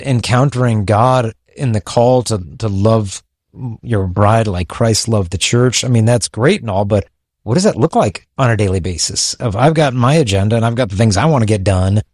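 A man's voice: on the low side, darkish tone, no room sound, clean studio sound. Earnest man on a faith podcast. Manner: earnest, reflective, with frequent restarts. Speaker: podcast co-host. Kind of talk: faith-based podcast conversation.

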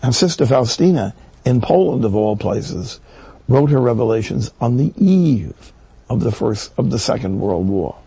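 An older man preaches with earnest emphasis, his voice rough with gravel and very husky. The tone is dark and mellow, and the sound is close and dry with no room around it. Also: mid-range voice, lively intonation, normal speed, no echo. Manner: earnest, emphatic, rising on key words. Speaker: Catholic preacher. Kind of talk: sermon.

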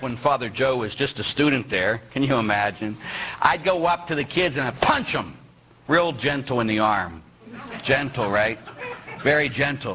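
Brief: middle-aged male priest preaching, husky, bright voice, teasing, voices the people he quotes. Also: a little high, poor audio. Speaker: Catholic priest. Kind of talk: lively sermon.

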